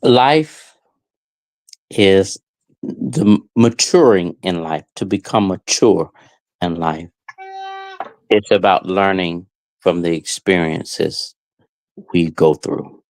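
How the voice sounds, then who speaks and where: A man co-hosts a podcast in a very deep, gravelly voice, talking slowly and reflectively. The sound is dry and close. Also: darkish tone, dry recording. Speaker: podcast co-host. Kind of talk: casual podcast talk.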